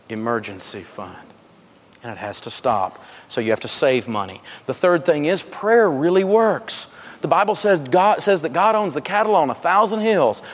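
A man teaching a live personal finance seminar, telling funny stories and laughing through his jokes as he drives home his points. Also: sits high. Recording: long hall reverb.

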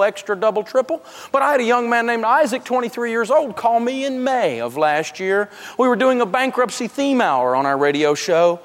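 A man's voice: high-pitched, a bit bright. A man teaching a live personal finance seminar, telling funny stories and laughing through his jokes as he drives home his points. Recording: long hall reverb.

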